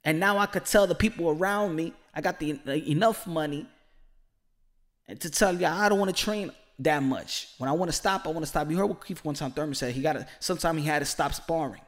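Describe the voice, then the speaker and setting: Emphatic high-voiced male boxing commentator. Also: brisk. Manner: emphatic and repetitive, pleading directly to a fighter.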